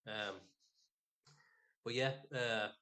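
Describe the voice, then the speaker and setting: A man's voice: lowish voice, drawn-out words. Sweary man telling a story. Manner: rambling, sweary, animated retelling. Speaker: podcast co-host. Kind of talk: casual storytelling chat.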